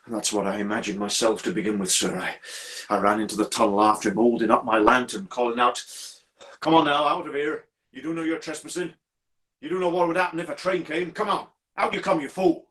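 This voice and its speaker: A man voicing a haunted, deferential railway signalman who talks haltingly and keeps calling his listener sir, in a live dramatic storytelling. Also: lowish voice, level tone, a bit bright, close to an everyday voice. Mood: urgent, haunted.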